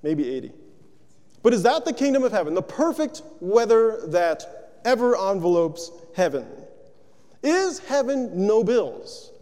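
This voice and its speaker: A man's voice: high voice, big pitch swings, a little slow, warm tone, in a large hall. A man preaching a sermon, working through rhetorical questions in a loose, conversational way.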